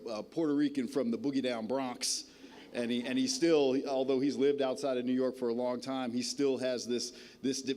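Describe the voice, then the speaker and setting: A man addresses a ceremony as a college dean, his voice sitting at an ordinary middle pitch. He talks in a wry, self-deprecating way, padding his phrases with frequent "uh" fillers. A long hall reverb trails every phrase. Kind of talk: ceremony speech.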